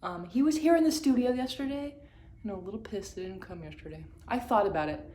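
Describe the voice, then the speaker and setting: A woman's voice: medium pitch, quick pace. A woman artist chatting casually to camera in her studio, rambling with lots of fillers and side remarks. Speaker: artist and vlogger. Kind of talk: casual vlog chat to camera. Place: indoor art studio. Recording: echoey room with steady background noise. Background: room ambience, a passing train.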